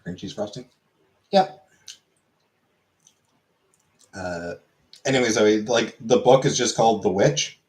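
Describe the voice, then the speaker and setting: A man chatting casually with his chat as a streamer, rambling, correcting himself and trailing off into quiet asides. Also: on the low side, slow, long pauses.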